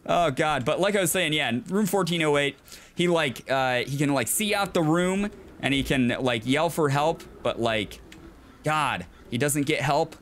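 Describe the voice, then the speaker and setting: A man's voice: fairly high pitch, normal speed, a bit bright, a little hiss or hum. A man hosting a let's play, giving casual gameplay commentary, chatty and jokey, reacting aloud and chuckling often.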